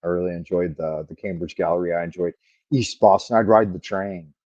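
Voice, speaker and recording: A man's voice: low-pitched, fairly quick, darkish tone, no echo. A man hosting a livestream, chatting casually in a rambling, profane, joking way. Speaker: livestream host. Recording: dull lo-fi microphone sound.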